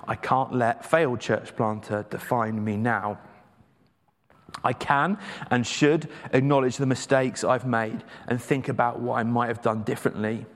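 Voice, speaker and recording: A man from England preaching a sermon in a conversational, self-deprecating way, with hesitant fillers. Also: mid-range voice. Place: church. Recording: reverberant church hall.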